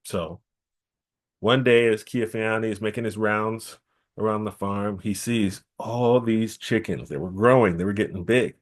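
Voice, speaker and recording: A man telling a traditional story at a temple gathering, lively, repeating key phrases for emphasis. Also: fairly low pitch, a little slow. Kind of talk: oral storytelling.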